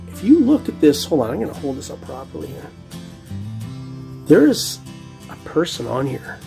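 A middle-aged man chats to his viewers about his finds, easygoing and quick to laugh. His voice sits a little higher than most men's. Faint music plays softly beneath him. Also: vocal fry. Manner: upbeat and chatty, laughs often, keeps calling listeners "man". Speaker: metal detecting vlogger. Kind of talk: casual vlog talk to camera.

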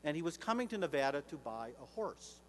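A man in his sixties giving a formal commencement address as an author and speaker, measured and slowing down for emphasis. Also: fairly high pitch, big pitch swings. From United States. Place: large hall. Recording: echoey hall, faint hum.

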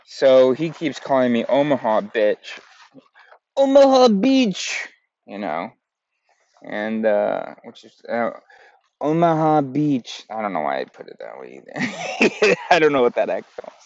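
A man's voice: lowish voice, sing-song, moderate pace, creaky, muffled recording. A man from the United States talking to camera in a casual, meandering vlog, correcting himself as he goes. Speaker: vlogger. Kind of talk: casual rambling monologue.

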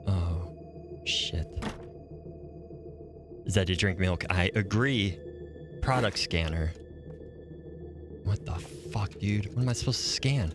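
A man's voice: low-pitched, slow, pauses often, music in the background. A man streaming a horror game, reacting aloud in casual, profane commentary.

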